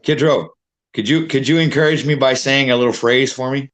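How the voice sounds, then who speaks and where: A man hosting a casual live-stream panel over a video call, joking and pleading with a guest, halting and full of fillers. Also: mid-range voice, fairly even intonation.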